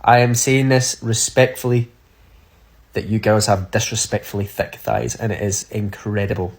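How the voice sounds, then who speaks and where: A man's voice: on the low side, little pitch movement, normal speed. A man talking enthusiastically and with emphasis in a casual social media video.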